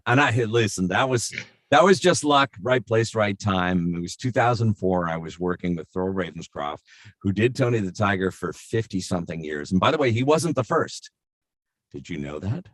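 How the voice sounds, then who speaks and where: A middle-aged man, a voice actor, telling stories in an animated, chatty way with plenty of fillers. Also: low voice, dry recording, clean studio sound. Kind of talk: anecdotal storytelling.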